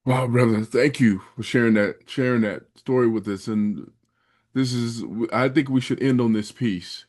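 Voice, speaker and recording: A man hosting a podcast, speaking in a gentle, encouraging way with religious phrasing. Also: mid-range voice, steady tone, moderate pace. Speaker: podcast host. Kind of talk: casual interview.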